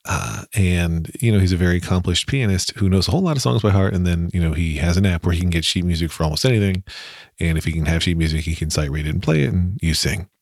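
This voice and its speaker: A man's voice: deep voice, quick pace, a little mellow, no echo, clean studio sound. A man hosting his own podcast, telling a rambling, self-deprecating story in a casual solo monologue. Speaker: podcast host.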